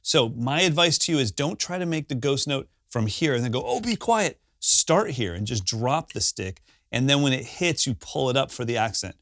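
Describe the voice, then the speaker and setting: A man's voice: mid-range voice, lively intonation, moderate pace, few pauses, a bit bright, no echo, studio quality. A man teaching a drum lesson from his kit, counting beats aloud and scatting drum sounds in an upbeat, self-mocking way.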